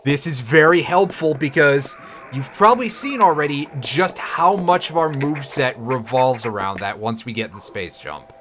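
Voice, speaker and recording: A man's voice: mid-range voice, moderate pace, fairly bright tone, slight background noise. Sarcastic swearing male game streamer. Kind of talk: casual gameplay commentary. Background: game music.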